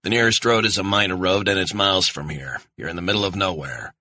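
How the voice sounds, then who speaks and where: A man's voice: low voice, fast talker, sharp tone, no echo, voice pushed up. A man voicing a blunt male handler giving clipped orders over the phone. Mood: brusque.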